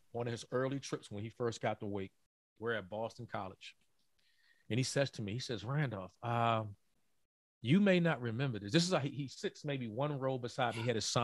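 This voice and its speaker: A middle-aged man, a former college basketball player, telling an earnest story in a podcast interview, often halting and repeating words. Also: mid-range voice, a bit bright, no room sound.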